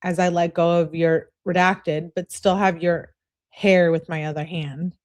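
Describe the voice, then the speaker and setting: A woman's voice: lowish voice, a little slow, natural voice. A woman reading as a domineering man. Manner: read aloud flatly. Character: domineering man in online role-play.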